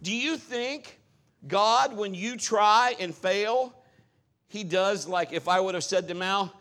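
A male pastor preaching a sermon, telling animated stories and acting out quoted voices. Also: sits high, measured pace.

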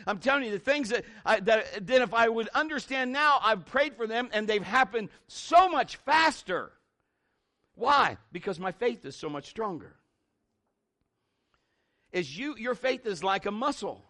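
A middle-aged man preaching a sermon in an animated, conversational way, with big swings in pitch. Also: a little slow.

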